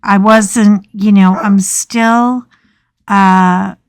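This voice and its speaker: Slow-talking chatty woman, dry close sound. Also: mid-range voice, clean tone, no room sound. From United States. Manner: chatty, animated storytelling with dramatic retellings. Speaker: craft vlogger. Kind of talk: casual storytelling chat. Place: small home craft room.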